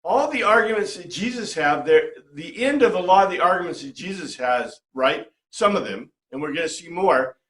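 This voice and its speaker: Male teacher, slightly higher pitch, chatty lecture style, roomy echoey classroom sound. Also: expressive, moderate pace, few pauses, a bit bright. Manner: chatty, checks in with "right?".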